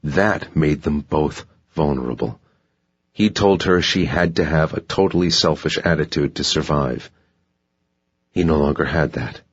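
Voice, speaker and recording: Super deep guy reading a thriller audiobook slowly, husky, kinda muffled and dry. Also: no echo. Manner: slow, measured. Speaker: audiobook narrator. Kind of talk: scripted narration. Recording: dull dry audiobook recording.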